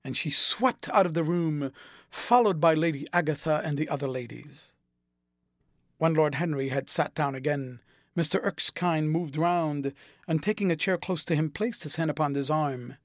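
A man reading a classic novel aloud as an audiobook narrator, clear and even. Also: a little high, moderate pace, dry recording, clean studio sound.

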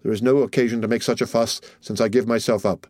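A man's voice: mid-range voice, steady tone, quick pace, a little mellow, dry recording, studio quality, close to an everyday voice. A man reading an audiobook, voicing a panicked young male fugitive who later turns insolent and mocking. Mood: insolent mockery. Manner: pleading, then mocking and impertinent. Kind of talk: audiobook character voice.

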